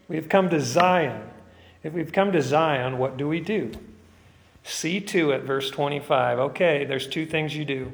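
A man with a fairly high, gravelly voice preaches a sermon, mixing joking asides with rising, emphatic delivery. His voice rings out with the long reverb of a large hall. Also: measured pace. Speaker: pastor.

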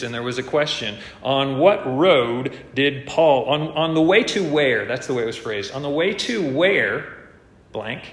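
A man's voice: mid-range voice, a bit bright. A man preaching an expository sermon, earnest and emphatic, lifting his voice on key points. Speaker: preacher and teacher. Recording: roomy echo.

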